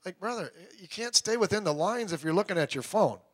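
A man's voice: high voice, lively intonation, fairly quick. A middle-aged man preaching a sermon in a folksy, joking, conversational way.

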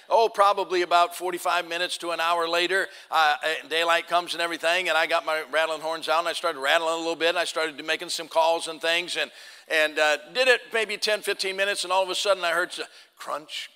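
A man's voice: on the high side, pushed and bright, smooth. A man preaching, telling a folksy story and acting out both sides of the talk. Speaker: pastor. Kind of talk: sermon storytelling. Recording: long hall reverb.

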